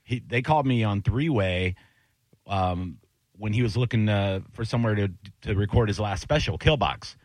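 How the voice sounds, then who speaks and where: A man hosting a radio show, chatting casually and telling stories with lively acted-out quotes. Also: lowish voice, normal speed, no room sound. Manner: animated storyteller, acts out quotes in other voices. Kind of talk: casual chat.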